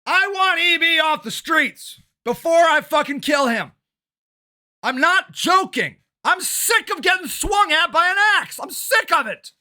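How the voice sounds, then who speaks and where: Loud, angry older man ranting. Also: very high voice, lively intonation. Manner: shouting, swearing, fast and agitated. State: angry and worked up. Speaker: local activist and city council candidate.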